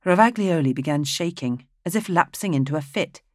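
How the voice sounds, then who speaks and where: A woman reading a dark fantasy novel aloud in a steady, even storytelling manner. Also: low-pitched, fairly quick, no room sound, studio quality. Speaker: audiobook narrator. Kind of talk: scripted narration.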